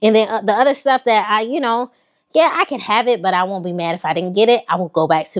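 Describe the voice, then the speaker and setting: A woman with a Southern accent, chatting casually and sassily to her viewers while showing off a fashion haul. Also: a little high. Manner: sassy, animated, talks straight to viewers. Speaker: fashion vlogger.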